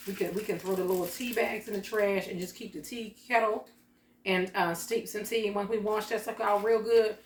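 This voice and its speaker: A woman's voice: medium pitch, fairly bright tone, roomy sound, slight background noise. A woman hosting a casual kitchen vlog, chatting straight to her viewers in a folksy way. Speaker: vlog host. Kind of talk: casual chat to camera. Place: home kitchen.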